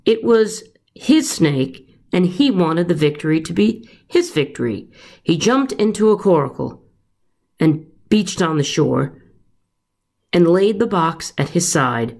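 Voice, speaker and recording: A teacher reading a children's story aloud in an expressive, unhurried way. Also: female voice, on the low side, vocal fry.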